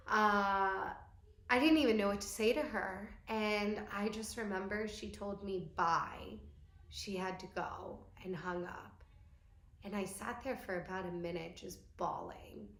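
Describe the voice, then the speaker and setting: A young woman shares a painful personal story in a candid, talky way, full of fillers. Her voice sits at a middle pitch. The room around her is echoey. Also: gravelly, fairly bright tone. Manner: candid, tearful storytelling with frequent "like". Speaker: vlogger.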